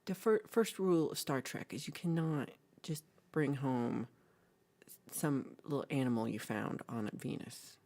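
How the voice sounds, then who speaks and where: A woman's voice: a bass voice, unhurried, warm tone. A woman hosting a livestream, chatting casually and retelling a film in a rambling, playful way with asides. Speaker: livestream host.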